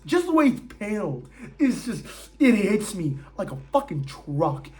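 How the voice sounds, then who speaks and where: A young man reviewing manga in a casual vlog, excitable, swearing often and saying "like" a lot. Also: sits high, normal speed.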